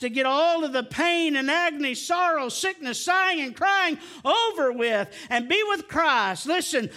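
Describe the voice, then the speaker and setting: Male preacher, middle-aged, bright and piercing, surging to near shouts then dropping low. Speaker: pastor. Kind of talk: sermon.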